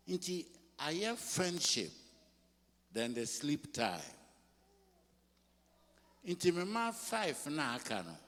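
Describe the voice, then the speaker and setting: An older Ghanaian pastor preaches slowly and deliberately, his fairly high voice rising and falling widely. He mixes English with Twi in emphatic phrases. The sound carries a long reverb from a large church hall. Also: fairly bright tone. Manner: switches between English and Twi, slow and emphatic. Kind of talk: sermon.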